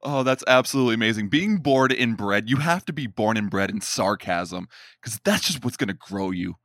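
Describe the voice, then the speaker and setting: A man in his thirties hosts a casual podcast interview, full of enthusiasm and hype for his guest. His voice sits a little low, and the recording is dry and close. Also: expressive, normal speed, fairly bright tone, no room sound. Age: 30s. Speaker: podcast host.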